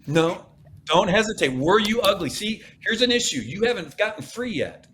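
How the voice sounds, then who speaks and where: A man's voice: high voice, big pitch swings, normal speed, a bit bright, slight background noise. A man speaking as a podcast guest, coaching with emphatic, repeated phrases. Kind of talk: podcast interview.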